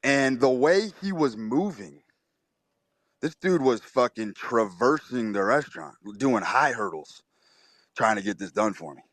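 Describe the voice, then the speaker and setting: Man, profane, swaggering, emphatic, live audio chat, mid-pitched, dry close mic. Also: expressive, a little slow, a bit bright, no room sound. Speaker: host.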